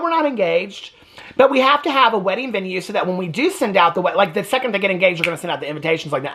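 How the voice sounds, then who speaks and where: Recapping a reality TV episode in a casual, gossipy way, this commentator has a high-sitting voice with a fairly bright tone. He comes across exasperated, frequently imitating the people he discusses.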